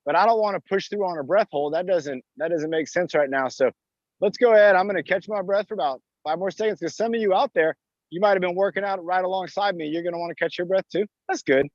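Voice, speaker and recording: This man's voice sits high and moves fast as he coaches an outdoor fitness class live in a park, encouraging participants and narrating every exercise as he performs it. The phone recording comes across dull, dry and lo-fi.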